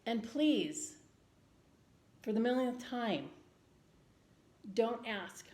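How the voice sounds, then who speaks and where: A woman vlogger in casual chat, speaking earnestly and gently with frequent ums and restarts. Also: fairly high pitch, lively intonation, very slow, pauses often. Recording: roomy indoor echo.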